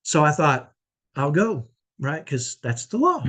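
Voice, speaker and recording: Husky man telling a story. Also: on the high side, huge pitch swings, normal speed, a bit bright. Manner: conversational, tags sentences with "right?". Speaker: parent vlogger. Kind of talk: personal storytelling.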